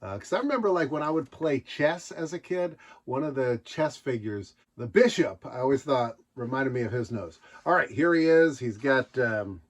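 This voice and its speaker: A man's voice: mid-range voice, expressive, normal speed, hardly any pauses. A man hosting a nostalgia show, joking his way through old children's books and sometimes putting on silly voices. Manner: jokey, puts on silly character voices. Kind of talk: casual comedic commentary.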